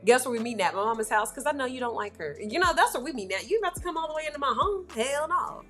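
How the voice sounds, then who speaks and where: A woman's voice: high-pitched, big pitch swings, rapid-fire, a bit bright, faint music behind. A woman giving blunt, slangy, scolding reaction commentary as a vlog host. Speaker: commentary vlogger.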